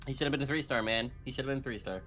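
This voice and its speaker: A man's voice: mid-range voice, racing, fairly bright tone, faint music behind. A man streaming a game and ranting in frustration, laughing often as he talks to his chat. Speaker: gaming streamer. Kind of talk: live-stream commentary.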